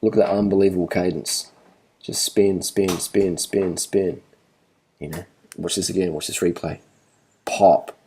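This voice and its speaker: A man's voice: low-pitched, steady tone, measured pace, pauses often, mellow, slight background noise. A man gives casual commentary over race footage in a blunt, profane way, repeating himself for emphasis. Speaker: cycling vlogger.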